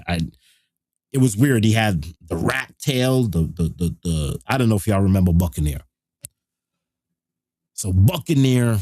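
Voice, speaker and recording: A middle-aged man, hosting a live show and telling a rough, profane story in casual street slang. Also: fairly low pitch, warm tone, no echo, clean studio sound.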